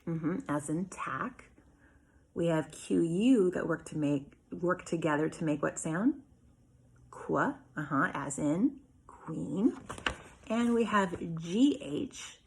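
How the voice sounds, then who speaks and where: A woman teacher, probably in her thirties, giving a remote lesson to young children, patiently and clearly sounding out letter sounds. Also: lowish voice, expressive, takes it slowly. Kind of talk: remote phonics and writing lesson.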